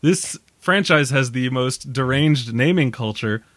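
A man's voice: mid-range voice, lively intonation, measured pace, fairly bright tone, dry recording. A tired man co-hosting a casual movie podcast, rambling and joking, laughing often. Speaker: podcast co-host.

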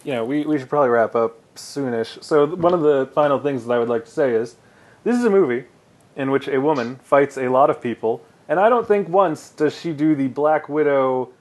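A man co-hosting a casual movie podcast, speaking in a relaxed, wry way and laughing easily. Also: medium pitch, a little fast. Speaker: podcast co-host.

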